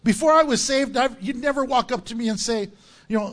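A man's voice: very high voice, fairly quick, a bit bright. A man, a pastor, preaching a sermon in a jokey way and acting out voices of the people he quotes.

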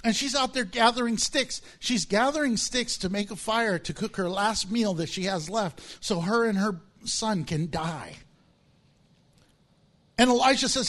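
High-voiced animated man preaching. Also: normal speed. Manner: animated, acts out voices with big pitch swings; humorous, laughs often. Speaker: pastor. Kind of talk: sermon.

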